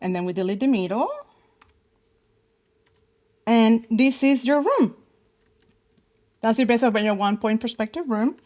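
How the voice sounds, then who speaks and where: A woman's voice: on the high side, measured pace, long pauses, a little mellow. Chatty woman teaching drawing. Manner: chatty, thinks aloud with many fillers and restarts. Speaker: art teacher. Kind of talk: casual live drawing lesson.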